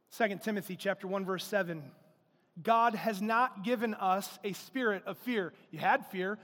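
A male pastor preaching a sermon, emphatic, rising to loud exclamations. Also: sits high, long reverb tail. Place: church.

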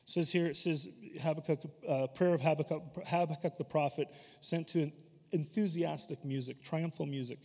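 A man preaching a sermon, animated and emphatic, slipping into voices when he retells scripture. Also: fairly high pitch, moderate pace. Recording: long hall reverb.

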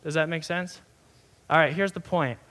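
Give me a young male pastor preaching a sermon in a chatty, lively way, with a bright, slightly high voice. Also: moderate pace. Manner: conversational, animated storytelling with many asides.

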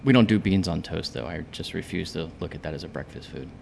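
A man's voice: low voice, expressive, quick pace, gravelly, background noise. A man chatting casually as a guest, talking in a rambling way with many fillers and hesitations. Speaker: coffee shop guest. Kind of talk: casual chat.

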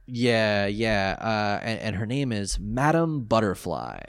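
A man with a low voice recaps a cartoon episode in easy podcast chat. He gets animated and often leaps up into a high register when something tickles him. The mic is close and dry, with no room sound. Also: takes it slowly, dry recording. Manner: animated, jumps into high pitch when reacting. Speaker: podcast co-host.

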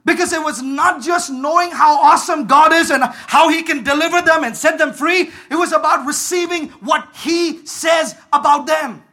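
A man preaching a sermon with fervor, rising to shouts and calling on the congregation to answer back. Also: extremely high pitch, moderate pace, hardly any pauses. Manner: fervent, rises to shouts and calls for congregation responses. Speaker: pastor.

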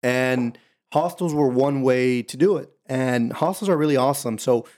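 Animated American man telling travel stories. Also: mid-range voice, moderate pace. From United States. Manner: animated storytelling, addresses listeners directly. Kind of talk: casual chat.

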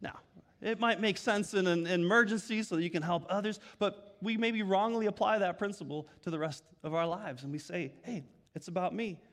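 A man's voice: high voice, brisk, a bit bright, long reverb tail. A middle-aged male pastor preaching a sermon, telling a personal story in a conversational way with frequent restarts.

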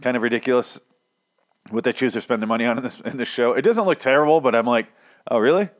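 A man's voice: mid-range voice, quick pace. Rambling, profane man recapping a show. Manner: rambling, profane, self-mocking, stumbles over words. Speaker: TV recap podcaster. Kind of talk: casual recap monologue.

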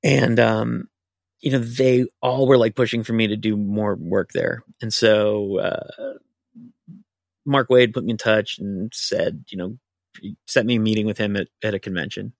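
A man's voice: on the low side, steady tone, unhurried, gravelly, no room sound, clean studio sound. A man, a writer, telling a long casual anecdote on a podcast, full of fillers and restarts. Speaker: writer guest.

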